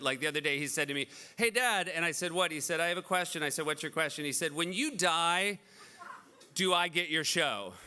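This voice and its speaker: A man in his forties with a high, very bright, crisp voice hosts a benefit gala. His stories are dry and self-deprecating, told in an animated stand-up manner. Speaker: event host. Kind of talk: stand-up style benefit hosting. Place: large event hall.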